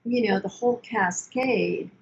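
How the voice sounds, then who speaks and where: An older woman therapist explaining emotional self-care in an earnest, coaching way, with gentle self-soothing asides. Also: mid-range voice, measured pace, creaky. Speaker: therapist guest. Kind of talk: explanatory podcast talk. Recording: dull lo-fi sound with faint noise.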